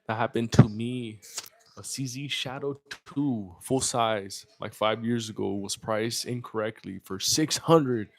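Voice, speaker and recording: A man from New York hosting a casual livestream, chatting loosely and profanely while reading out viewer comments. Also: medium pitch. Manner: loose and profane, reads chat aloud. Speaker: livestream host. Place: home in Texas.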